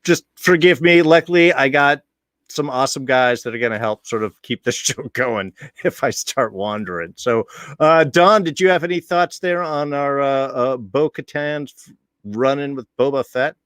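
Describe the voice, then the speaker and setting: A man's voice: mid-range voice, moderate pace, a bit bright, smooth, dry recording. Sleepy guy hosting a review show, lots of uh and um, dry close sound. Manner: rambling with many fillers. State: tired from little sleep. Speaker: podcast host. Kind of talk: casual review chat.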